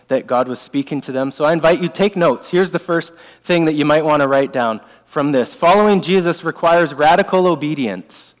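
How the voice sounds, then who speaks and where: A male preacher delivering an earnest sermon, stressing and repeating his main points. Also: fairly high pitch. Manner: earnest, emphatic, repeats key phrases. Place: church sanctuary. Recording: long reverb of a large hall.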